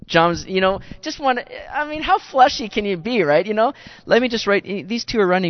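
A man's voice: high-pitched, animated, quick pace, hardly any pauses, dry recording. Earnest, conversational male preacher, dry and muffled lo-fi sound. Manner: chatty and earnest, with frequent repeated words and asides. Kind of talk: conversational sermon. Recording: dull lo-fi recording, dry.

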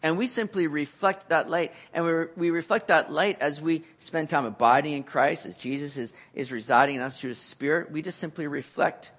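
A man preaching a sermon, earnest, building to emphatic peaks and then dropping back low. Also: moderate pace, hardly any pauses, a bit bright.

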